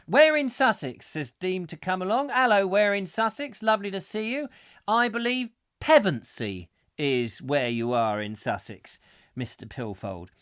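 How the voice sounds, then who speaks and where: A middle-aged Englishman hosts a comic live show, reading out viewer comments and wandering off into playful, mock-gruesome asides. His voice sits a touch high for a man. The sound is close and dry. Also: big pitch swings, unhurried, fairly bright tone, smooth, dry recording. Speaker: host.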